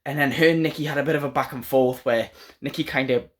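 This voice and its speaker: A man in the middle of a pitched voice, talking through a show recap in a loose, unscripted way. He is strongly opinionated and given to ranting, and he fills his sentences with "um" and "like". The tone stays casual rather than polished. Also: steady tone, fast talker. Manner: opinionated, ranting, with frequent fillers. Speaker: wrestling show reviewer. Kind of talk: casual spoken review.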